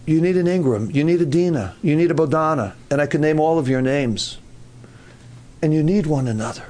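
Older man, sermon, animated, joking asides, higher-pitched voice. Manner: animated, jokey preaching with quoted asides. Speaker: camp speaker.

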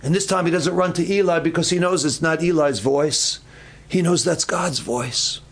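A man preaching a sermon, telling a Bible story slowly and emphatically, acting out the voices. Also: on the high side. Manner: acts out voices in the story, calls names dramatically. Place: church.

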